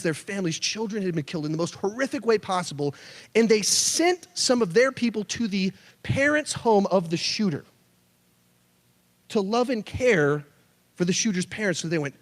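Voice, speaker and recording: A youth pastor delivers a sermon with a light, high-pitched voice that swoops up and down as he tells his stories. He keeps it animated and throws in joking asides. The sound rings with the long reverb of a big church hall. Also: moderate pace. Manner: animated storyteller, jokey asides. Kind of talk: sermon to a student audience.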